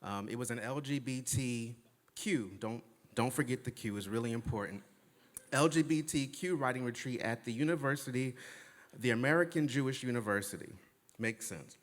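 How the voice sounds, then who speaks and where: A man telling a true comic story on stage with a wry, deadpan delivery. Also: medium pitch, moderate pace, long reverb tail. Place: stage in a hall before an audience.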